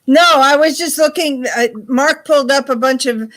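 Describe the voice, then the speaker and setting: A woman's voice: high voice, moderate pace, a bit bright, no room sound. An older woman, the host's mother, teasing and laughing in a casual video chat.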